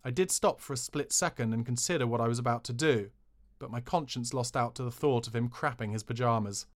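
A man's voice: mid-range voice, a little fast. A man reading a memoir aloud on a podcast, in a dry, cheeky storytelling way. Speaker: podcast narrator.

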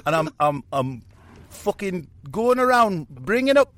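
A man's voice: sing-song, a little slow, no echo, exaggerated voice. A man putting on a mocking, attempted Geordie accent as a smug, preachy, jet-setting male rock star. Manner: high, loud, mocking, sweary.

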